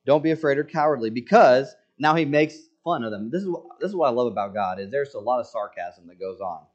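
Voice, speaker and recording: A man's voice: medium pitch, a little fast, dull audio. A man preaching a sermon in a conversational, joking way, acting out quoted lines with emphasis. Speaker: pastor.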